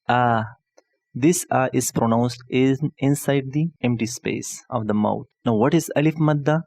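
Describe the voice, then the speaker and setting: A man teaching an online lesson in a patient, deliberate way, going over each point again and again. His voice sits in an ordinary middle pitch. The sound is close and dry, with no room echo. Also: a little mellow. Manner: patient, repeats each point several ways; spells out terms slowly and deliberately. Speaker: online Quran tutor. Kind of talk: explanatory lesson.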